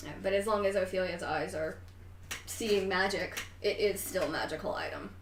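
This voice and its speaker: A woman's voice: mid-range voice, normal speed, distant mic. A woman game master describing the scene in a hesitant, giggly way, full of ums and restarts. She sits a little back from the mic in an echoey room with a faint hiss. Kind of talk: narrating a tabletop game.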